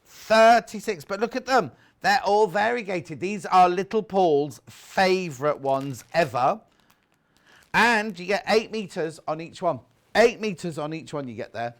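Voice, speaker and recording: A man's voice: high-pitched, animated, a little slow. A man presenting a live TV shopping show, chatting casually and reading out viewer messages. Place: TV studio.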